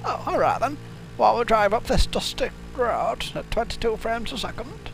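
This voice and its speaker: A man voicing a cranky, crude elderly father with a gravelly, fussy, deadpan manner, improvising comedy over a video game. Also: extremely high pitch, normal speed, a little hiss or hum, exaggerated voice. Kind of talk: improvised comedy gaming commentary.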